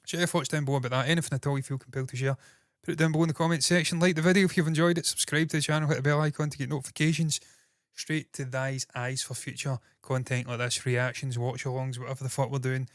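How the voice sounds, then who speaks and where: A man's voice: medium pitch, little pitch movement, fast talker, dry recording, clean studio sound. A man hosting a casual solo entertainment news livestream, rambling and swearing freely as he chats to viewers. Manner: rambling, profane and self-deprecating.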